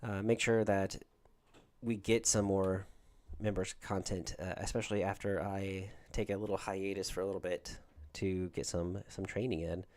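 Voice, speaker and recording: A Southern-accented man from Georgia, USA, hosts a casual livestream, rambling as he chats with viewers. His low voice moves little in pitch, comes at a moderate pace and sounds a little mellow.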